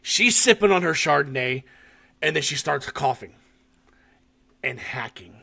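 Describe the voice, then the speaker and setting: A man hosting a podcast, casually recapping a short film with animated, profane storytelling and frequent laughter. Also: on the high side, measured pace, gravelly. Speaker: podcast host.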